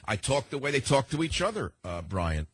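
A man's voice: medium pitch, big pitch swings, normal speed, husky, dry recording. An older man with a New York accent, hosting a radio talk show in a combative, rambling way and often repeating himself. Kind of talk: opinionated talk radio monologue.

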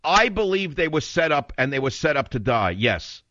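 A man's voice: fairly high pitch, big pitch swings, normal speed, sharp tone, no room sound, muffled recording. An older man hosting a talk radio show, telling rambling stories in an exasperated tone.

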